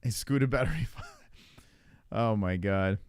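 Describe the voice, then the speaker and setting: A man's voice: fairly low pitch, slow, smooth, no room sound. A man hosting a live stream, chatting casually and reacting to viewer comments with swearing, laughter and rambling restarts. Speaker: livestream host.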